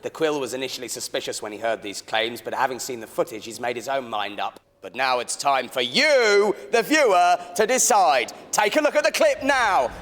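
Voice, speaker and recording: A man's voice: mid-range voice, very animated, normal speed, few pauses, fairly bright tone, long reverb tail, a little hiss or hum. A man playing a pompous TV host who presides over his guests with theatrical self-importance.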